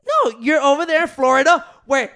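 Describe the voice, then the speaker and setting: High-pitched male co-host; opinionated, profane ranter who restarts his sentences. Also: sing-song, brisk, pushed and bright. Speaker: podcast co-host. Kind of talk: casual chat.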